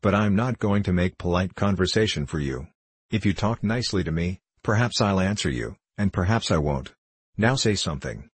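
A man voicing a grumpy, ancient male sand fairy with a dry husky voice, speaking crossly and scornfully in a storybook reading. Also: low voice, expressive, normal speed, no room sound.

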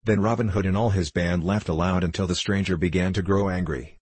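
Male audiobook narrator, deep and slightly husky, measured storytelling, dry booth sound. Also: a little mellow, no echo. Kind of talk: storybook reading.

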